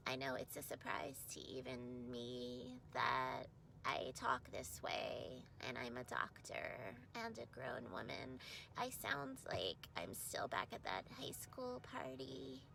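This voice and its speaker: An actress doing an impression of a grown woman with a babyish, breathy voice full of heavy vocal fry, in a comedic clip. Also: very deep voice, sing-song, a bit bright, slight background noise, full character voice, low-quality recording. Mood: mocking. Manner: breathy, halting, whispery.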